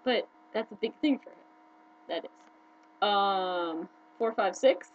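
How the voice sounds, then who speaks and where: Chatty woman on a dull lo-fi recording. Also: slight background noise. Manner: chatty and excitable, with quick jumps in pitch. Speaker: video blogger. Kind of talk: casual fan chat to camera.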